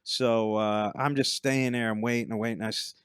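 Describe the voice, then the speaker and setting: A man with an everyday mid-range voice tells stories from his years in stand-up, relaxed and quick to laugh. He slips into quoted voices now and then. The mic is close and dry, with no room sound. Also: mid-range voice, clean tone, no echo. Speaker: comedian guest. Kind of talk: casual storytelling chat.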